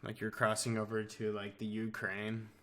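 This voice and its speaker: A man co-hosting a casual chat with his brother, easygoing and slow to get his words out, using lots of fillers. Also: on the low side, completely flat delivery, fairly bright tone, a little hiss or hum. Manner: easygoing, hesitant with many fillers. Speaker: podcast co-host.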